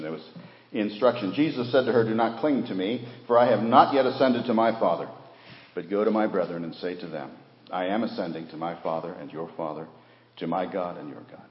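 A deep-voiced man preaches a sermon, dropping to near hushes and then rising into loud, emphatic exclamations. His voice is captured in a roomy church sanctuary with a long reverb tail, on a dull, lo-fi recording. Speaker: pastor.

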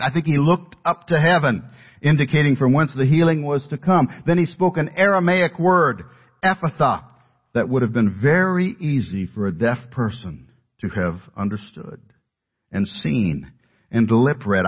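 A man's voice: mid-range voice, breathy edge. A man preaching an expository sermon as pastor, earnest and rising with emphasis when he asks questions. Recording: dull, lo-fi sermon audio.

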